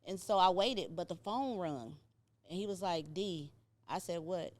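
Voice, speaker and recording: A woman's voice: lowish voice, a little slow. A middle-aged woman from Indiana, a podcast guest telling her story in casual talk, acting out what people said. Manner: animated storyteller acting out quoted voices.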